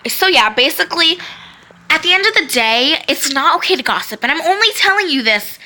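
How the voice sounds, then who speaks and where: Woman, comic monologue, gossipy valley-girl rambling, fairly high voice, lively pitch. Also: brisk, low-quality recording. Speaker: comedy sketch creator.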